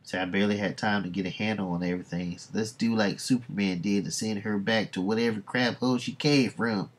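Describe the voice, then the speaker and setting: A man's voice: lowish voice, steady tone, fairly quick, close to an everyday voice. A man voicing a hostile small-town bully who sneers and drags his words out. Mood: sneering.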